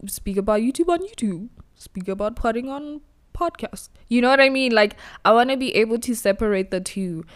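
Her voice is fairly high, animated and brisk as this young woman hosts her own podcast from a new studio. Chatting casually by herself, she laughs at her own expense and over-explains.

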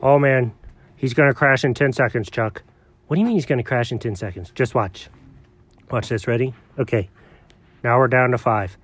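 A man voicing a pedantic, literal-minded male character who speaks in a deadpan way. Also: mid-range voice, moderate pace, long pauses, slightly rough, pitched below the performer's own voice, lightly acted. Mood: calculating.

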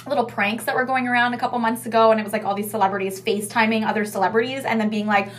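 Young woman ranting bout her restaurant shift, kinda high voice, swears a bunch, says like every other word. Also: fairly even intonation, racing. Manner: chatty, swears freely, heavy use of "like". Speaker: restaurant takeout worker. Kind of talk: casual storytime chat.

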